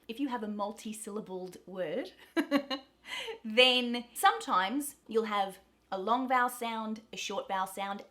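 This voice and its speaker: A young woman with an Australian accent giving a pronunciation lesson to camera, cheerful and clearly enunciated. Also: mid-range voice, a bit bright. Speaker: pronunciation teacher.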